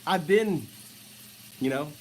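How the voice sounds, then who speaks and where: A man's voice: on the high side, animated, takes it slowly, background noise. A man teasing and provoking a stranger in a casual video chat. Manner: teasing, provocative, laughs often. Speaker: streamer chatting with strangers.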